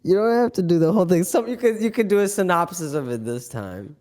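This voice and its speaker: A man's voice: high voice, lively intonation, quick pace, a little mellow. A man co-hosting a podcast, trading wisecracks and teasing in casual banter. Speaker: podcast co-host.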